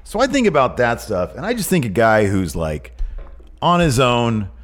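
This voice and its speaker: Guy on a podcast, chatty and animated, voice jumps all over, mid pitch. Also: normal speed, faint music behind. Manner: animated, pitching ideas eagerly. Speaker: podcast co-host. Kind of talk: casual chat.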